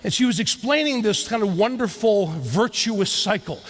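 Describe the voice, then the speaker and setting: High-voiced man giving a keynote speech. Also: moderate pace. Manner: animated, playful, leads the crowd through exercises. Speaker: keynote speaker. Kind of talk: storytelling keynote speech to a live audience. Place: stage before a live audience.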